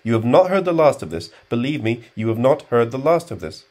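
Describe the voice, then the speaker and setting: A man voicing an indignant, pompous male graduate student who speaks in a stiffly formal way and takes offense quickly. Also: medium pitch, sing-song, a little mellow, pitched above the performer's own voice, lightly acted. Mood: angry.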